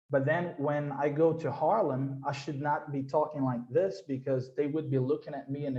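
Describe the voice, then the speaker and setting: A man, an English teacher speaking on a panel discussion, telling animated stories. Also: on the high side, normal speed, hardly any pauses, reverberant, muffled recording. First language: Portuguese. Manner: animated storytelling, acts out quoted voices.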